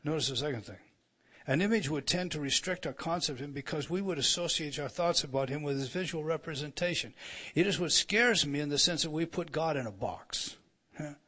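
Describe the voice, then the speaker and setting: A man preaching a sermon, restarting his words and asking the audience questions, rising to loud, emphatic proclamation. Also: on the high side, brisk, husky.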